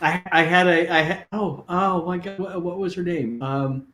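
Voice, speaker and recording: An older man tells showbiz stories as a guest, animated and full of fillers and restarts. His voice is bright and forceful, and it rings with a roomy echo. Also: high-pitched, moderate pace. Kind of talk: casual storytelling.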